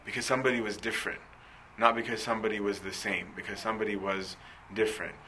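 A man's voice: on the low side, level tone, fast talker, pushed and bright, slight background noise, low-quality recording. A man giving a conversational sermon, full of rhetorical questions and asides. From Coptic Christian community. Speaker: preacher.

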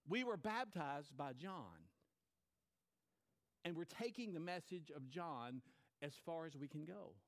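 Animated storytelling preacher, man. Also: on the high side, a little slow, long pauses. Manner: storytelling, repeats phrases, acts out quotes. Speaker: pastor. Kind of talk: sermon.

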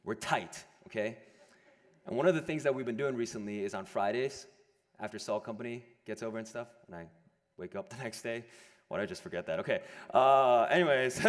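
A young adult man preaching a sermon to a room of listeners, animated, moving between loud emphasis and hushed quiet passages. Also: lowish voice. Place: large room with an audience. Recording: long hall reverb.

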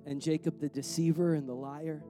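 Young guy preaching, high voice but mellow, casual and slangy, faint music behind. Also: level tone, moderate pace. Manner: conversational, repeats words, slangy. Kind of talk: sermon.

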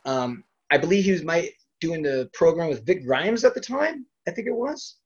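A man's voice: on the high side, big pitch swings, moderate pace, slightly rough, muffled recording. A man, a professional wrestler, telling stories from his career in a casual interview, swearing freely and laughing at himself. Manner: profane, self-deprecating, laughs often.

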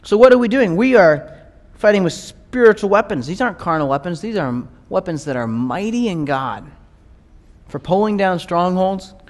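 A male pastor with a somewhat high voice gives a relaxed verse-by-verse teaching, chatty and animated. He slips into quick acted-out asides between readings. His voice carries a long reverb, like a sanctuary. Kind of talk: casual verse-by-verse Bible teaching.

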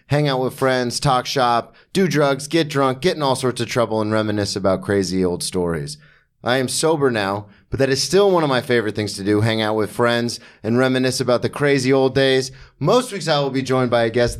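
A man hosting a podcast, chatting loosely and joking with his guest, swearing now and then. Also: medium pitch. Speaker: podcast host. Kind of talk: casual interview chat.

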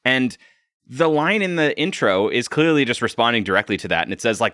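Bright-voiced, animated man chatting. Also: medium pitch, a little fast, dry recording, studio quality. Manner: animated, laughing, with frequent restarts. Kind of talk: casual chat reviewing a cartoon.

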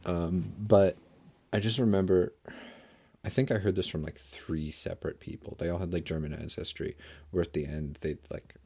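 A man's voice: low voice, fairly even intonation, normal speed, vocal fry, dark tone, husky. A man delivering a rambling, sarcastic comedic rant full of digressions.

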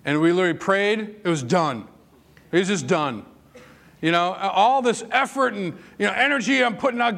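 Male pastor, slightly high voice, chatty sermon delivery, storytelling with emphatic bursts. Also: lively intonation, normal speed, creaky, fairly bright tone. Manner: conversational, personal storytelling with rising emphatic peaks.

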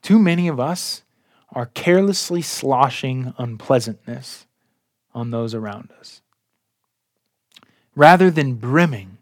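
A man preaching a sermon as a pastor, in a slow and earnest way, his voice often dropping soft at the ends of phrases. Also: mid-range voice, lively intonation, dry recording, studio quality.

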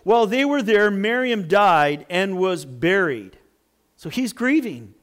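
Male pastor, high voice, slow deliberate delivery, playful preaching with loud bursts. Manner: animated, jokey preaching with sudden loud outbursts. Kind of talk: sermon.

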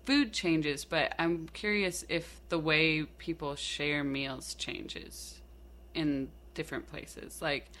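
A woman's voice: low voice, slow pace, fairly bright tone. An American woman hosting a casual chat, asking curious questions. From United States.

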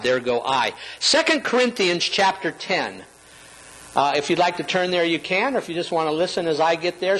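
A man preaching a sermon, quoting scripture dramatically and leaping up in pitch when he quotes. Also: sharp tone, husky, low-quality recording. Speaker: pastor.

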